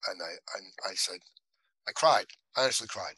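Bright-voiced man telling animated anecdotes. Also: low-pitched, normal speed, slightly rough, no echo, rough recording. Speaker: actor guest. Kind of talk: casual storytelling interview.

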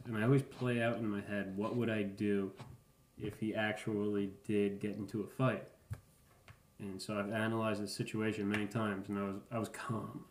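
A man in his thirties, a podcast host rambling through a casual comedic monologue with a deadpan, offhand manner and profane asides. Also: fairly low pitch, roomy sound. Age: 30s.

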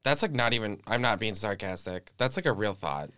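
A man's voice: lowish voice, lively intonation, fairly quick, fairly bright tone, smooth, dry recording, studio quality. A young man co-hosting a podcast, telling rambling, self-mocking stories in a casual chat. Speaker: podcast co-host.

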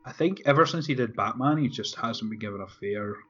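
A man's voice: medium pitch, a little fast, a bit bright, husky. A man in casual chat, laid-back and loose, swearing freely with lots of fillers. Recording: dull lo-fi with faint music.

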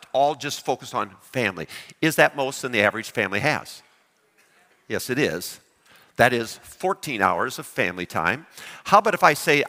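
A man preaching a sermon, lively and animated, often putting questions to his congregation. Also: medium pitch, long reverb tail. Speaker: pastor.

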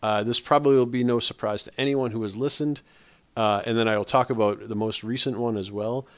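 A man's voice: on the low side, fairly even intonation, a little fast, no room sound. Man steering a casual podcast chat. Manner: loose, steering the talk with restarts. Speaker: podcast host.

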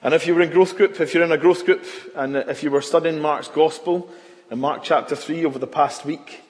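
A man's voice: on the high side, steady tone, fairly quick. Earnest male pastor in a reverberant hall. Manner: earnest, varies volume from loud emphasis to near-hush. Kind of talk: sermon. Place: church. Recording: long reverb of a church hall.

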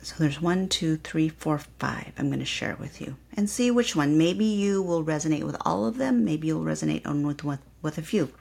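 Woman, podcast host, low husky voice, calm guided reflection, slow repeated affirmations. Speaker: yoga teacher and podcast host.

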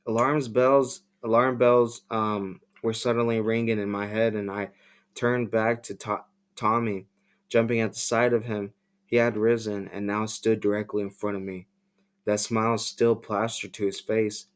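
Slow, low-voiced man reading horror. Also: level tone. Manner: unhurried, with casual asides. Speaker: podcast co-host reading a horror story. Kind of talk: casual horror story reading.

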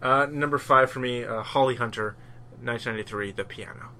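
A man's voice: medium pitch, fast talker, bright, forceful tone, slight background noise. A man co-hosting a podcast, laid-back and hesitant, with lots of fillers. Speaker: podcast co-host. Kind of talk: casual chat.

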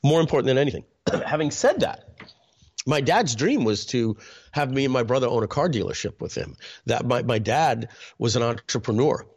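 A middle-aged man telling stories as an interview guest, halting with many restarts and frequent throat clearing. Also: medium pitch, animated. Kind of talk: candid conversational storytelling.

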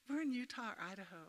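A fairly high, pushed and bright voice belongs to a middle-aged woman giving a casual devotional talk at a church gathering. The reverberant hall carries her humorous, chatty delivery as she recounts personal stories and speaks right to her listeners.

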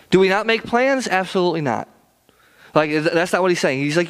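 A man's voice: high-pitched, lively intonation, fairly quick, pauses often, clean tone. Earnest male preacher, stammering restarts. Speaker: pastor. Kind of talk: sermon.

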